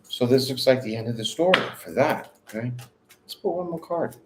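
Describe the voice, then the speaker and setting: A man's voice: medium pitch, animated, fairly quick, noisy background. A man giving a casual livestream tarot reading, talking in a direct, bold and slangy way and laughing often. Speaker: tarot reader.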